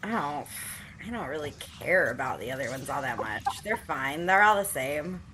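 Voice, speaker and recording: A woman's voice: low voice, animated, moderate pace, pushed and bright, slight background noise. A woman in a casual podcast chat, blunt and dry, swearing freely.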